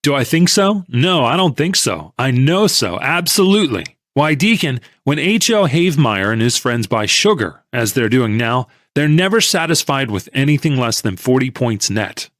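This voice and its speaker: A man voicing an excitable, pushy male stock tipster in an audiobook, pressing his point insistently. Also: medium pitch, moderate pace, hardly any pauses, dry recording, studio quality.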